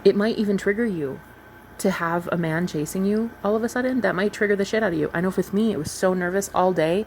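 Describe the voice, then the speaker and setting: A woman's voice: mid-range voice, fast, a little hiss or hum, rough recording. A woman in her thirties, a coach talking earnestly and directly to her viewers in a casual vlog. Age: 30s. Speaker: manifestation coach. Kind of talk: casual spiritual vlog talk.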